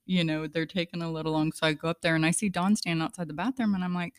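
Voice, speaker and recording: Middle-aged lady podcaster, low voice, super dry close sound, chatty and animated telling stories. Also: quick pace, hardly any pauses, no echo. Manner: animated storyteller acting out quotes. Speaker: podcast host. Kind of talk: casual chat.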